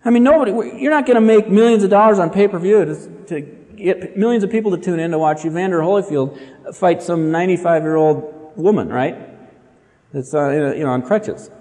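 A man preaching a sermon in an animated, dramatic storytelling manner. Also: sits high, a little fast, long reverb tail. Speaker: pastor.

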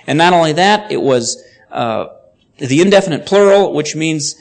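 A man's voice: a little high, expressive, moderate pace. A man preaching, explaining a passage of scripture and reading it aloud with rising emphasis. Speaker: pastor. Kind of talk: sermon.

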